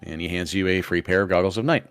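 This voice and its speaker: Low-voiced man running a tabletop game. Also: quick pace, fairly bright tone, clean tone, dry recording. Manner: loose, filler-heavy storytelling. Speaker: game master. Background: faint ambient music.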